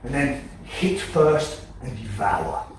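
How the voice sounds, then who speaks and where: A man's voice: mid-range voice, very animated, slow pace, a little hiss or hum. Man, combat instructor, blunt and profane, emphatic coaching, distant mic, echoey training hall. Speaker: self-defense instructor. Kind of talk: teaching a combatives class.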